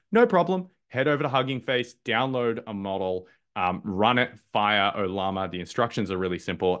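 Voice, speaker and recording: A man's voice: on the low side, fairly bright tone. A man giving a live online masterclass, talking loosely and upbeat, with lots of fillers and restarts. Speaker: masterclass presenter. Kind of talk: live webinar presentation.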